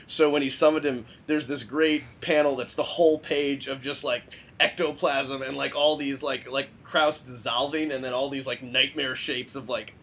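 A man co-hosting a casual chat about comics, recounting a story loosely with many "like"s and pauses. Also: mid-range voice, steady tone, fairly bright tone, a little hiss or hum.

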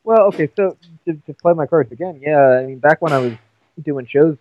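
A man chatting casually, telling stories in an animated way with halting restarts. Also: a little high, narrow, tinny audio. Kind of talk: casual chat.

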